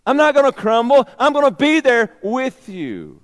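A man voicing Peter as a boastful, self-reliant grown man who insists loudly. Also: on the high side, moderate pace, no echo, clean studio sound, lightly acted. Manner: loud, insistent denials.

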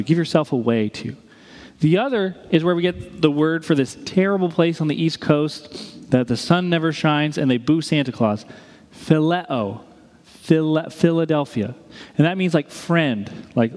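A male pastor with a fairly high voice delivers an animated sermon. He breaks it up with joking asides and acted-out quotes. His voice carries a long reverb from a large church hall. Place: church sanctuary.

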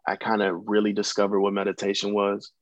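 A young American man, an actor, chatting as a guest in a relaxed, rambling way with many fillers. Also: on the low side, a little fast, no room sound. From United States. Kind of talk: casual interview chat.

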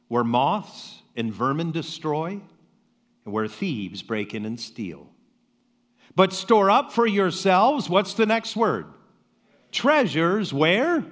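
A man preaching a sermon as a pastor, with slow, emphatic pauses and rhetorical questions. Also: a little high, sing-song, fairly bright tone. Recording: reverberant hall.

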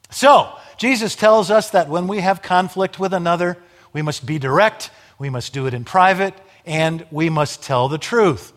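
A man's voice: high-pitched, moderate pace, fairly bright tone. A man preaching a sermon, emphatic, with dramatic rises and drops in volume and wry asides. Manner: wry humor.

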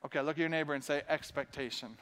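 A man with a high, smooth, resonant voice preaches with animated energy, dropping into the voices of the people he quotes and calling on his congregation to answer back. His words ring out with a long echo through a large church hall. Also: moderate pace. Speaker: pastor. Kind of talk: sermon.

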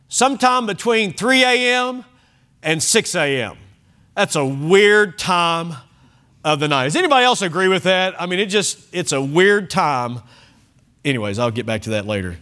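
Male pastor, high and sharp-toned; animated sermon delivery with emphatic scripture reading and light laughter. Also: measured pace. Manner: animated, emphatic reading with chuckles and asides to the congregation. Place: church sanctuary.

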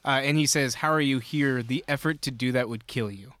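Unhurried man, smooth dry voice. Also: medium pitch, fairly bright tone, dry recording. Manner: unhurried, filler-heavy, explains at length. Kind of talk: casual fan discussion.

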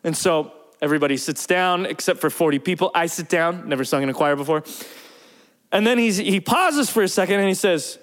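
A man preaching, telling a personal story in a lively, animated way and acting out the quotes. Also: high-pitched, fairly quick. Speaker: pastor. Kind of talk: storytelling sermon.

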